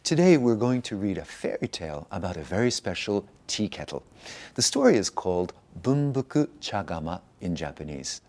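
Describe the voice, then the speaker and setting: A man reading a fairy tale aloud, with expressive storytelling narration. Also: low-pitched, normal speed. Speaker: institute director reading aloud. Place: institute in Tokyo.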